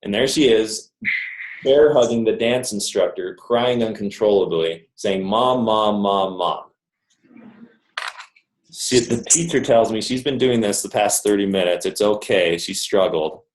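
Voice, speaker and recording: A man's voice: lowish voice, normal speed, a little mellow, slight background noise. A man in his thirties telling a personal story to a live audience in a chatty, joking manner, often checking in with "okay?". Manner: conversational, jokey, keeps checking in with "okay?". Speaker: motivational speaker. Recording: roomy echo.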